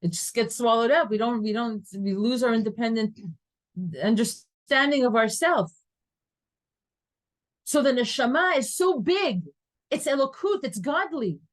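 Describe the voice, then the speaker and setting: A woman with a slightly high voice, teaching a class in an animated storytelling style. She laughs easily, leans into her stories and mixes Hebrew terms into her talk. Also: measured pace, pauses often. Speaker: Torah teacher. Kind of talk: lively class lecture. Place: classroom with students.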